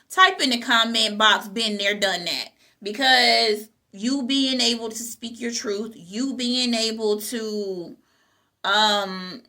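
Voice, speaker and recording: A woman speaks to her viewers in a motivational talk. Her voice sits a little high and rings bright. She hammers her points home by repeating them and checking in with "okay?". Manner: emphatic, repeats key phrases, asks "okay?". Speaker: host.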